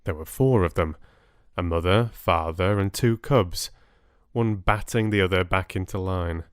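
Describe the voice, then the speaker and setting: Calm audiobook narrator, male, low and very slow, close dry mic. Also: smooth, no echo. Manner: calm, unhurried. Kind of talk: soothing bedtime story reading.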